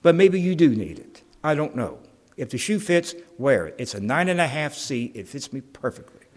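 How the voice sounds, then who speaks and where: Folksy preacher in a reverberant hall. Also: male voice, medium pitch, sing-song, moderate pace, darkish tone. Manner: folksy, jokey, acts out conversations. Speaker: pastor. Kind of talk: sermon.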